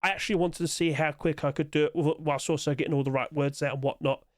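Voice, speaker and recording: Guy, upbeat rambling skins commentary, slightly high voice, chuckles often. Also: fairly even intonation, dry recording, clean studio sound. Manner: chatty, rambling, chuckles to himself; quick-talking, trying to rush through. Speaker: game skin commentator. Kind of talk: casual solo commentary.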